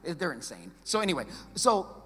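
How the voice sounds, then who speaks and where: Shifting from booming urgency to quiet emphasis, a male pastor tells his sermon's story in an animated, chatty way and puts rhetorical questions to the congregation. He speaks at normal speed with a fairly high pitch, recorded in a large hall.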